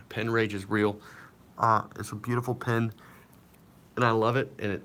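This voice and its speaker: A man with a lowish voice chats casually to his stream viewers while he draws at his desk. His talk rambles and he mutters self-mocking remarks as he works. A faint low rumble sits under the recording. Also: little pitch movement, normal speed, pauses often, fairly bright tone. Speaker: comic artist streaming live drawing. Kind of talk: casual live-stream chat. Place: seated at a drawing desk.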